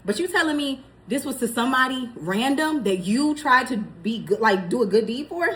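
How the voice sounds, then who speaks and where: A young woman vlogger telling a story in a casual, animated way, laughing as she goes. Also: on the high side, normal speed.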